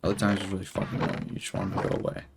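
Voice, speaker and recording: Speaking very fast in a low, monotone voice with vocal fry, this twentysomething streamer rambles through a lengthy story as he games, full of profanity and fillers. The background is noisy.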